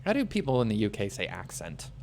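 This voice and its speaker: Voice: mid-range voice, wildly swooping pitch, quick pace, creaky, darkish tone, a little hiss or hum. A streamer giving chatty, sarcastic commentary while playing a game. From New Jersey. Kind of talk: casual gameplay commentary.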